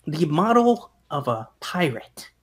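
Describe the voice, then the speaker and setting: A woman voicing a nervous, scheming gnome pirate captain who stammers and flatters. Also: low-pitched, slow, husky, full character voice.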